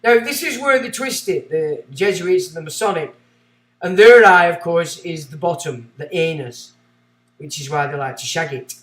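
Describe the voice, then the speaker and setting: A man hosting a livestream, reading a book aloud and breaking off into rambling, excitable asides. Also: fairly high pitch, normal speed, reverberant. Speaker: livestream host.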